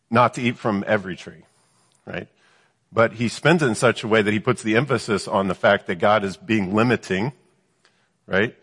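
A man's voice: lowish voice, a little fast, fairly bright tone, breathy edge, long reverb tail. A man preaching a Bible teaching, reading verses aloud and then explaining them with many rhetorical questions. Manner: reads scripture then explains it, with frequent rhetorical "right?" questions.

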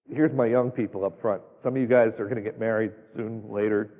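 A man's voice: on the low side, steady tone, brisk, few pauses. A man preaching a sermon in a church, folksy and emphatic, with many rhetorical questions. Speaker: pastor. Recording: tinny phone-like sound, long hall reverb.

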